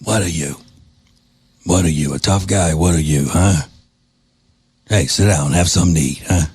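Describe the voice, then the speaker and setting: A man putting on a tough-talking mobster, voice dropped far down into a gravelly growl. He drawls out his threats slowly and mockingly, more parody than danger, and he keeps his volume soft and restrained. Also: sits low, no echo, pitched below the performer's own voice, exaggerated voice. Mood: mock menace. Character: menacing old-school male mobster, mocking.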